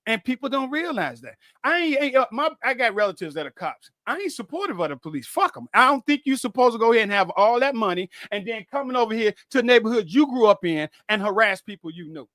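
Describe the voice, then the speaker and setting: A man's voice: extremely high pitch, fast, hardly any pauses, no echo, studio quality. A man talking casually and bluntly, stammering and repeating himself often, with frequent swearing. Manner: stammering, profane, animated. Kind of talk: casual conversation.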